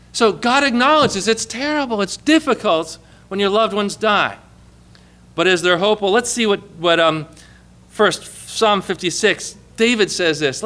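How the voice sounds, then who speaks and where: A man's voice: sits high, sharp tone. A man preaching to his congregation in a conversational sermon, asking rhetorical questions and reading scripture aloud. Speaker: pastor.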